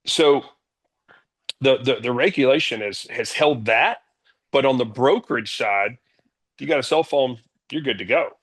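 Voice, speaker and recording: Blunt, energetic male CEO guest. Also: mid-range voice, a little slow. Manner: energetic, blunt, swears freely. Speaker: company CEO, podcast guest. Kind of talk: casual interview storytelling.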